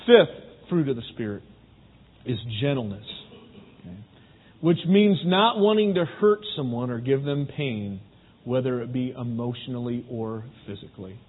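A man's voice: mid-range voice, animated, moderate pace. A man preaching a sermon, talking easily to his congregation and often asking them questions. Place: church sanctuary. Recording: phone-like, with long hall reverb.

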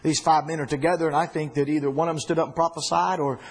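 A man teaching a Bible study in an animated, folksy way, often repeating himself. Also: fairly high pitch, fast talker, breathy edge.

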